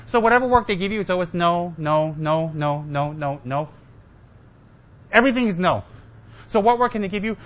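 A man's voice: fairly high pitch, big pitch swings, moderate pace. A man giving a humorous Dharma talk as a Buddhist teacher, joking with and teasing his listeners and mimicking his students.

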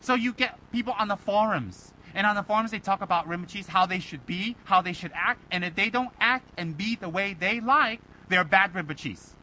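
Man giving a dharma talk, high bright voice, fires off rhetorical questions, faint hiss behind. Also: brisk, few pauses, rough recording. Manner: animated, rhetorical, mocking imitations. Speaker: Buddhist teacher.

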